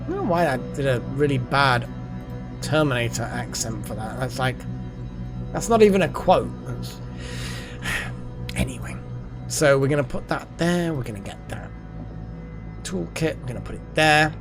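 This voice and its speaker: A man commentating a gameplay session as the channel host, rambling and excitable, often muttering to himself. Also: mid-range voice, moderate pace, long pauses, over music. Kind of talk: let's play commentary.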